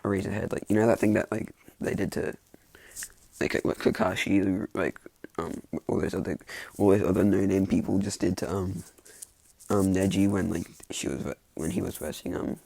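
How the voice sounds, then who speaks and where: A man with a low, heavily gravelly voice tells a made-up story off the cuff. He rambles and restarts, leaning on filler words, and his tone is husky and a little rough. The sound is close and dry, with no room around it. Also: fairly even intonation, normal speed, warm tone, no room sound. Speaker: fan fiction storyteller. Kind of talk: casual improvised storytelling.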